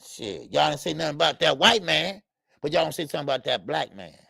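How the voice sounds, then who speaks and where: Gravelly, profane man ranting on a livestream. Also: fairly high pitch, animated, fast, pushed and bright, no echo. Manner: blunt, profane, repetitive, heated. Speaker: boxing livestream host. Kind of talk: heated livestream rant.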